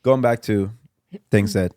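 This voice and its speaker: A man telling a personal story on a podcast, halting and repeating his words often. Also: on the low side, mellow, no room sound, studio quality. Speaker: podcast guest. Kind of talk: casual storytelling.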